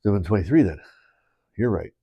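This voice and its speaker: Another man co-hosting the podcast, recorded indoors in the same in-person studio, talks a little fast in a lowish, creaky, mellow voice with a breathy edge. He's animated, rambling casually with frequent restarts and chuckles.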